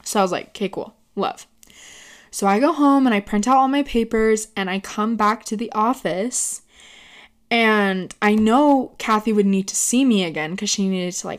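Young woman vlogger, mid-pitched, chatty and animated, rambles through stories with tangents. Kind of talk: casual storytelling monologue.

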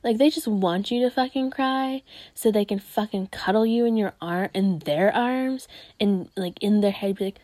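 A woman's voice: medium pitch, moderate pace, warm tone, dry recording. A woman hosting a podcast, ranting in a crude, profane, casual way, full of groans and disgusted sighs. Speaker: podcast host.

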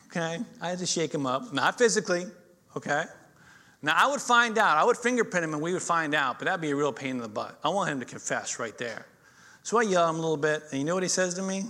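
A middle-aged pastor delivers a sermon in a fairly high, animated voice at a fairly quick pace. His storytelling shifts between loud emphasis and quiet intensity.

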